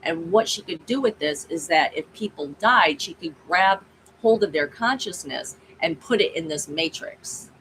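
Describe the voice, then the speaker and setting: A woman's voice: on the low side, lively intonation, normal speed, fairly bright tone, a little hiss or hum, low-quality recording. A woman hosting her own channel, chatting casually and rambling through a story with frequent asides to viewers. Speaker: channel host.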